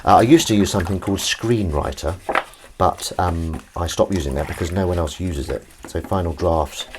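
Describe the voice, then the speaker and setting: A man's voice: sits low, moderate pace, background noise. A man hosting a casual live stream from his kitchen, rambling through stories and calling his cat in a coaxing voice. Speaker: livestream host. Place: home kitchen.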